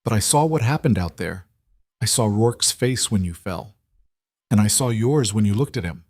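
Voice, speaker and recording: A man playing a quiet, steady rancher who speaks in a measured, matter-of-fact way. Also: on the low side, dry recording, clean studio sound. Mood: calm.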